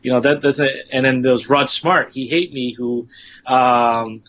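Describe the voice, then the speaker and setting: A man co-hosting a casual podcast, talking in a measured way with lots of ums. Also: mid-range voice, fairly even intonation, fairly bright tone, dull audio, a little hiss or hum. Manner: measured, with many fillers. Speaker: podcast co-host.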